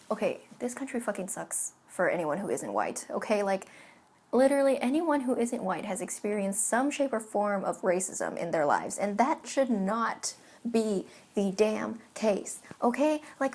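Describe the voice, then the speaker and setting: A woman's voice: on the high side, a little mellow, slightly rough. A young woman from California talking in casual commentary, emphatic and ranting, swearing often. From California, United States. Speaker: vlogger.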